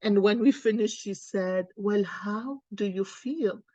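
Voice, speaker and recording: Woman card reader, casual spiritual chat, slow and earnest, dry close mic. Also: medium pitch, warm tone, no room sound, highs cut off.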